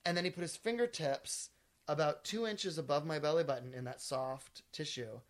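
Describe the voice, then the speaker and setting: A man's voice: fairly high pitch, moderate pace. A man co-hosting a podcast, teasing and crude, telling a long story with lots of energy. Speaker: podcast co-host. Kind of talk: casual comedic chat.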